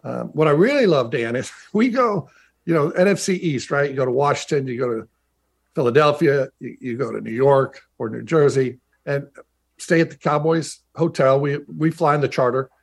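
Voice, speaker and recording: Husky-voiced ex-athlete on a video call. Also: male voice, mid-range voice, normal speed. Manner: chatty, stumbling restarts, emphatic repetition. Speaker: former pro football player turned team broadcaster. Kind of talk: remote interview, anecdotal storytelling.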